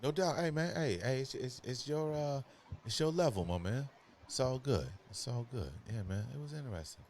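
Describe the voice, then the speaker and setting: A man's voice: mid-range voice, lively intonation, moderate pace, a little mellow, slight background noise. A man hosting a casual podcast, talking loosely with lots of slang and laughter. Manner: loose, laughing, rambling slang-filled talk.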